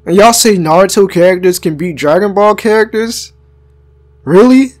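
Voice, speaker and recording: A young man giving excited, slangy let's-play commentary and talking back to the game. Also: sits high, normal speed. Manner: hyped, slangy, talks back to the game, many restarts. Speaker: gaming YouTuber.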